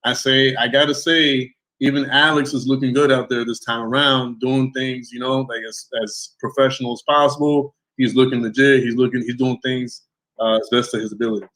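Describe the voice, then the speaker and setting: A man hosting a casual online interview, relaxed and easygoing, often trailing off with fillers. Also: mid-range voice, brisk, rough recording. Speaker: interview host.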